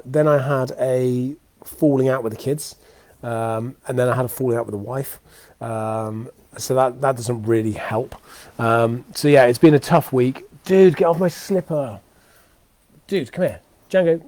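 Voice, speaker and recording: A man in his thirties, worn out and talking off the cuff to a live audience from his home. His voice sits at an everyday middle pitch and sounds dry and close, with no room around it. He wanders through thoughts with plenty of ums and restarts. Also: a little mellow, no room sound. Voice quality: tired, rambling with many fillers and restarts. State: exhausted. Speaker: host of a weekly live show. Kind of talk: unscripted live-stream chat. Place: home, indoors. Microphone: webcam or computer mic for a live video.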